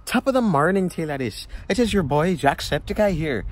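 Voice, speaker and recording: A young man putting on an Irish accent in a high, sing-song greeting voice. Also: expressive, a little fast, very noisy, close to an everyday voice. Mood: cheery. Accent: put-on Irish.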